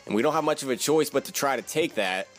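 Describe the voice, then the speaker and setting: A man's voice: medium pitch, animated, fast, faint music behind. A man casually commentating his own game battle, thinking aloud and joking at himself.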